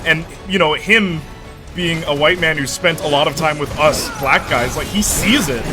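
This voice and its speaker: A young man chatting casually while streaming a game, telling stories in an animated way with lots of fillers. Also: on the high side, a little fast, music in the background. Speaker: gaming streamer.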